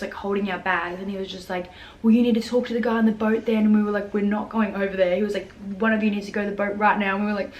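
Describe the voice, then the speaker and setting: A young woman tells a story in a chatty vlog, peppering her talk with "like" and acting out what others said. Her voice sits a little low. The room is echoey, with a faint hum of noise behind her. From Australia. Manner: chatty, lots of "like" fillers, acts out quotes. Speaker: vlogger.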